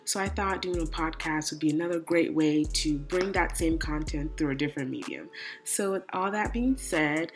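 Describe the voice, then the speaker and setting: A young woman hosting her own podcast, chatting casually and sassily about college football, slipping into quick acted-out quotes. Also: low voice, soft background music. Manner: sassy, animated, slangy, acts out quotes. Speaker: podcast host. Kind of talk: casual solo podcast commentary.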